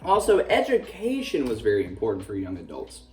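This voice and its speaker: A man's voice: on the low side, huge pitch swings, brisk. Male history teacher with a casual, wisecracking delivery, recorded off-mic in a reverberant room. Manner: jokey, sarcastic asides. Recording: roomy echo, distant mic, faint music.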